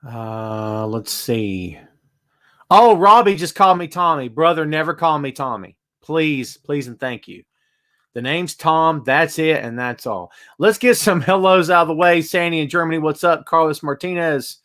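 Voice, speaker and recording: Chatty and relaxed, a man broadcasts a live wrestling podcast from a room at home that has a bass amp. His slightly high voice is expressive and a bit bright, unhurried and measured, as he calls out viewers by name.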